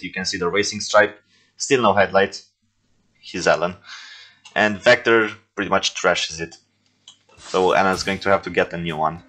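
A man casually commenting on his own home-made films in a relaxed, rambling way, with frequent filler sounds and some self-deprecating humor. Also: low voice.

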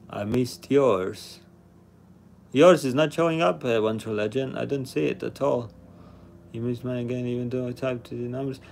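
A man hosting a live stream number game, chatting with viewers and reading out their names and rankings. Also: mid-range voice. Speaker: livestream host.

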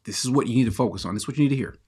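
A man's voice: mid-range voice, very fast, mellow, husky. A man who teaches the Bible, preaching online in an emphatic, teasing way and repeating words hard for stress.

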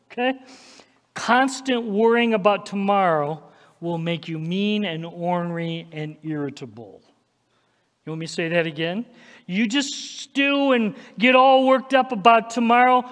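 A man's voice: high-pitched, big-room sound. A man preaching a sermon as pastor, emphatic and checking in with his listeners with a repeated "okay?". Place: church sanctuary.

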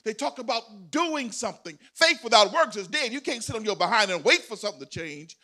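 Very high, bright-voiced energetic male host. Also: brisk, hardly any pauses. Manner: loud, energetic, hyping up the audience. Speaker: event host speaking to students. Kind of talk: motivational speech to a crowd. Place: large performing arts center auditorium.

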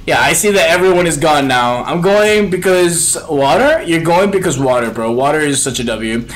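A young man streaming a video game live, chatting excitably to viewers in slang and calling everyone bro. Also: fairly high pitch, normal speed. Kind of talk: live gameplay commentary.

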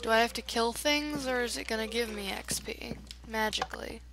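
A woman's voice: on the high side, moderate pace, gravelly, background noise. A woman chatting through a let's play, reacting aloud to the game as she goes. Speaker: gamer.

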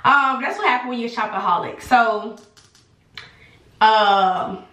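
A young adult woman telling an animated, sassy storytime to her viewers in a casual vlog. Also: fairly high pitch, unhurried. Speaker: vlogger. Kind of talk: casual storytime chat to camera. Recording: echoey room.

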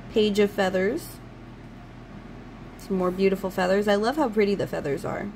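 Casting: woman vlogger, mid-pitched, gushing fan chatter, casual unboxing. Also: a little hiss or hum, poor audio. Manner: gushing, enthusiastic fan talk. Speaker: channel host.

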